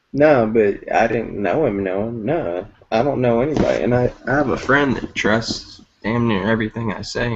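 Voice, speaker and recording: A man's voice: lowish voice, gravelly. A man in casual chat, laughing often. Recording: dull lo-fi sound with faint noise.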